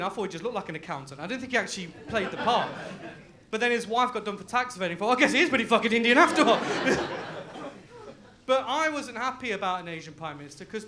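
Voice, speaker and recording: A young man from Leicester doing a live stand-up set, loud and laughing, full of crude banter with the crowd. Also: very high voice, noisy background. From Leicester, England. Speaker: stand-up comedian.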